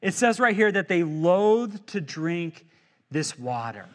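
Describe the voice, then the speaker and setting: A male pastor preaching a sermon in a church, animated and jokey, acting out quotes as he goes. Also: sits high, takes it slowly.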